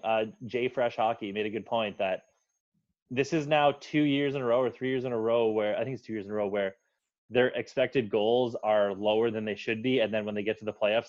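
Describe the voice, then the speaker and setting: A man's voice: lowish voice, a little fast, darkish tone, no room sound, lo-fi sound. A man talking as a guest on a sports podcast, blunt and opinionated, swearing casually.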